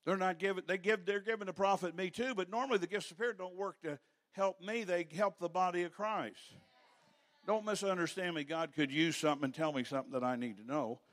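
A man's voice: high voice, fairly quick. Older man preaching, rambling storyteller. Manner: rises to loud preaching at times. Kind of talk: sermon. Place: church.

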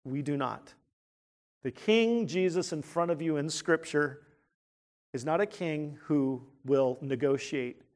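This pastor has a fairly high voice and a slow pace as he earnestly preaches, asking rhetorical questions and shifting from soft, hushed points to loud, forceful ones.

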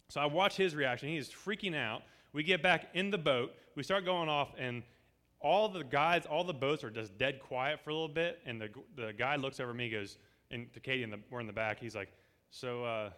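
Male preacher, bright and forceful tone, casual storytelling sermon to a congregation, acts out quotes. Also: medium pitch, a little fast. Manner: lively, acts out quoted dialogue. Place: church service before a congregation.

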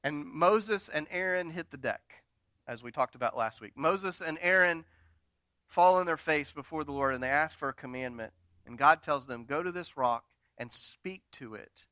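A man preaching a sermon from slides. He swings between loud, dramatic retellings and quiet, intimate asides to the congregation. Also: on the high side, moderate pace, no echo. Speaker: pastor.

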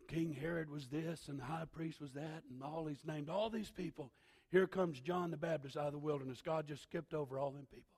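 Male pastor, raspy and gravelly, slightly high, emphatic sermon with shouts and hushes.

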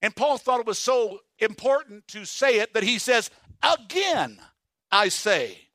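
A man preaching a sermon as pastor, animated and folksy, swinging from loud emphasis to hushed asides and telling homespun stories. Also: high voice, measured pace, no room sound, studio quality. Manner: folksy storytelling with humor.

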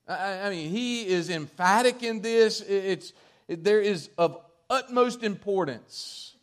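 Slow, high-voiced preaching man. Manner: earnest, halting, restarts phrases. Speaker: pastor. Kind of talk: sermon.

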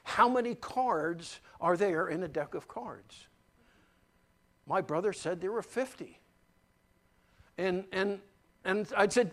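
High-voiced man preaching a sermon. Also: animated, measured pace, long pauses. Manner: emphatic, repeats words and phrases; folksy, tells personal anecdotes. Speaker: pastor.

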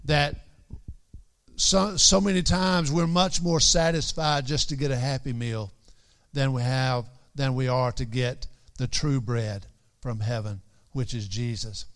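Slow, smooth-voiced male preacher. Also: mid-range voice, steady tone, a bit bright. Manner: earnest, repeats phrases for emphasis; quotes scripture in King James wording. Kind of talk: sermon.

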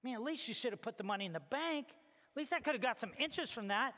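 A man preaching a sermon as a pastor, telling stories with animated acted-out little scenes. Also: very high-pitched, fast. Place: church hall. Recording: reverberant hall.

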